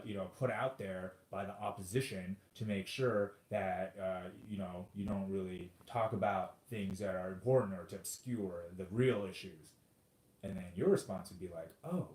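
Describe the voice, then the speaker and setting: Rambling profane man in an echoey room. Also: lowish voice. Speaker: podcast host. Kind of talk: casual solo podcast monologue. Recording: roomy echoey home recording.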